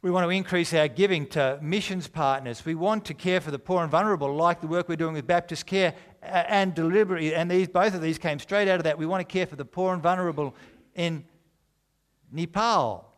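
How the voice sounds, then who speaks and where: A man's voice: on the high side, fairly quick. A middle-aged man preaching a sermon, conversational and jokey but driving home his points with emphasis. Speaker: pastor.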